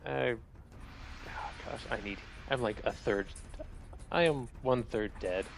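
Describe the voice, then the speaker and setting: A man playing in a tabletop game, thinking aloud about his character's moves with halting restarts. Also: medium pitch, gravelly, a little hiss or hum. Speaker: player. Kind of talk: casual table talk.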